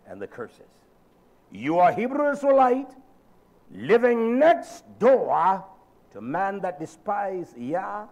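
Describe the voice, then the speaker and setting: A male preacher delivers a sermon dramatically and colloquially, his voice swinging between shouted lines and low murmurs.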